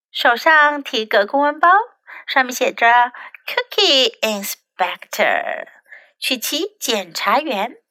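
Woman, English teacher, bilingual storybook reading, slow, bright voice, dry close recording. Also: fairly high pitch, dry recording.

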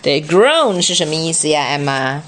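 A woman's voice: very animated, moderate pace, a bit bright. A middle-aged woman teaching a picture book, reading character lines with big swings in her voice and explaining words in between. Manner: acts out character lines with big pitch jumps, explains in Chinese. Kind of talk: bilingual picture-book read-aloud lesson.

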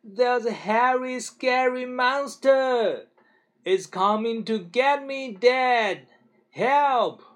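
A man voicing a mischievous little boy who won't go to sleep, in a slow, exaggerated storybook voice. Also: a little high, big pitch swings, full character voice. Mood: yelling.

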